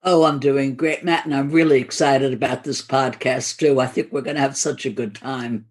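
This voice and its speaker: An older woman co-hosting a podcast, chatting warmly and affectionately. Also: rumbling low, fairly even intonation, normal speed. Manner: warm, laughing, affectionate. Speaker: podcast co-host. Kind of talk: podcast chat.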